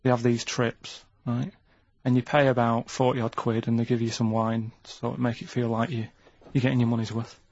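A man's voice: mid-range voice, level tone, fairly quick, few pauses, a little mellow. A man in casual chat, telling a rambling story with many fillers. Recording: dry lo-fi recording.

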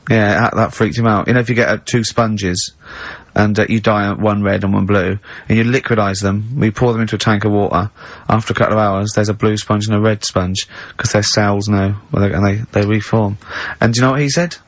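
A man's voice: fairly low pitch, steady tone, fairly quick, no echo. A man hosting a radio show, laughing a lot and telling anecdotes in casual studio banter. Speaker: radio host. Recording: dull lo-fi radio recording.

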